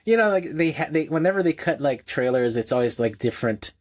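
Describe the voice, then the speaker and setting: A man's voice: on the high side, expressive, fairly quick. Rambling man on a film podcast. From United States. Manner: rambling, many restarts, laughs often. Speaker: podcast co-host. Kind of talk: casual film review chat.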